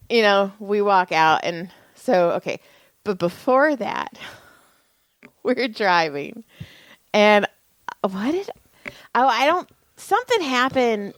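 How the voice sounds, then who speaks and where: Woman, 40s, podcast co-host, casual rambling storyteller, swears a lot, middle pitch, dry sound. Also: dry recording. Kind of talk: casual chat.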